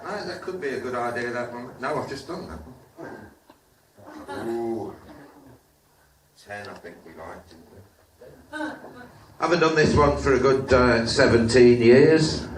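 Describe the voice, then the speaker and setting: Deadpan middle-aged comic, distant echoey pub tape. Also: male voice, medium pitch, noisy background. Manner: deadpan, rambling one-liners with mumbled asides. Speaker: stand-up comedian. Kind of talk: live stand-up set. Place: pub function room with a live audience. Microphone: audience recording from the room, far from the stage. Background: laughing audience, church organ music.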